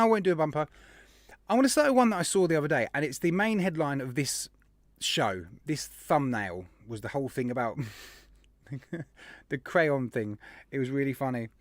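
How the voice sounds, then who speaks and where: A man hosting a casual livestream podcast, chatty and jokey, rattling off shout-outs to viewers. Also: on the high side, dry recording. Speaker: podcast host.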